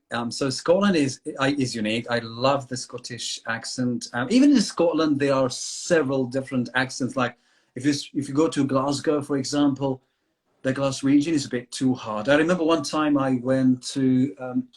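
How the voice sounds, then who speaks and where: A man's voice: mid-range voice, moderate pace. A man whose first language is Kurdish, an English teacher talking in a rambling, friendly way on a live video call. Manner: rambling, filler-heavy, friendly advice-giving. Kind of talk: live online chat.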